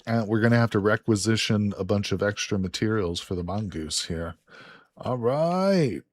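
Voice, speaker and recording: A relaxed man streaming a survival game, chatting to his viewers with easy jokes and a slightly husky, lowish voice. He talks in a loose, unhurried way. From Illinois, USA. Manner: laid-back, joking asides. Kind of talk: casual live-stream commentary.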